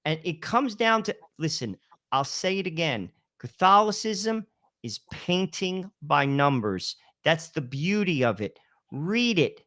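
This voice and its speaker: A man's voice: a little high, big pitch swings, measured pace, sharp tone. A man in his fifties co-hosting a podcast, talking casually and emphatically about faith, often repeating "listen" and "you know". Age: 50s. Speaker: podcast co-host. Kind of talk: casual religious talk.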